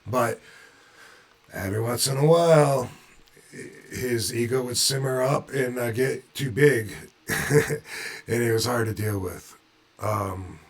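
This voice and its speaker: A laid-back man telling a story in a casual, unhurried way. His pitch sits in an ordinary middle range, and he swears freely as he chuckles through it.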